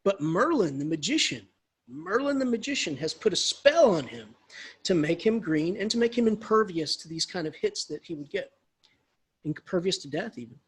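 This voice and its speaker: Male professor, casual animated lecture, high husky voice. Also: moderate pace. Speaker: English professor. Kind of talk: lecture retelling a story.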